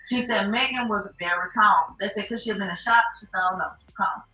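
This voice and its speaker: Speaking fairly quickly, a woman with a bright, forceful, medium-pitched voice hosts a casual news commentary. She runs through courtroom testimony, tossing in sarcastic, profane, blunt remarks, heard through a distant mic in an echoing room with faint music.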